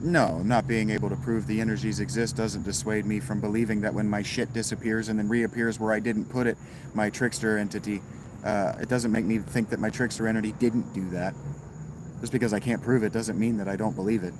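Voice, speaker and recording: A man's voice: lowish voice, steady tone, a little fast, noisy background. A man hosting a casual livestream, answering viewers in chat with a laid-back, wry manner and some swearing. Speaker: livestream host reading chat.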